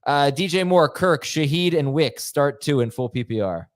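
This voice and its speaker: A man hosting a live fantasy football Q&A, sitting a touch higher than most men in pitch. He reads viewer questions aloud and keeps dropping playful puns between answers. The sound is dry and close, with no room around it. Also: lively intonation, moderate pace, no echo. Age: adult. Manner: jokey, punning, reading viewer questions aloud. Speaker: host.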